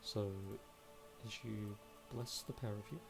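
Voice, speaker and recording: A man's voice: on the low side, fairly even intonation, measured pace, vocal fry, over music. A man acting as game master in a tabletop game, playful and humming little filler sounds while he looks up rules. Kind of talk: narrating a tabletop game over a live stream.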